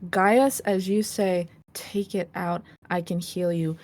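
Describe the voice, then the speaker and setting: A woman narrating a tabletop role-playing game as game master, casual with quick asides. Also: fairly low pitch, steady tone, darkish tone, no room sound. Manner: casual, laughing, apologetic asides.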